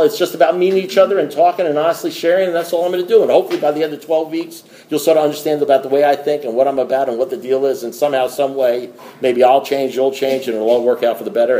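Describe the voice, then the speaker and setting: A man's voice: mid-range voice, steady tone, rapid-fire, dark tone, a little hiss or hum. A middle-aged man giving a blunt, rambling recovery talk to a group, swearing and repeating himself. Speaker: AA meeting speaker.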